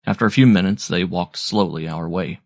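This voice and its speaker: A man narrating a classic sea story aloud in a measured, descriptive storytelling manner. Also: sits low, creaky, darkish tone, dry recording, clean studio sound. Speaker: audiobook narrator.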